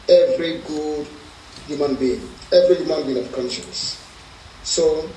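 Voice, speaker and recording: A man's voice: a little high, slight background noise. A man with a Nigerian accent giving an emphatic, defiant political speech that keeps repeating its declarations. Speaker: political commentator. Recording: roomy echo, distant mic, faint music.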